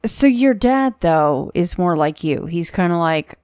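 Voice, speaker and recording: A woman with a low, smooth, clear voice hosts a casual interview, talking in a chatty, reassuring way with plenty of fillers. The sound is dry and close, with no room around it. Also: expressive, a little slow, a little mellow, dry recording. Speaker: podcast host.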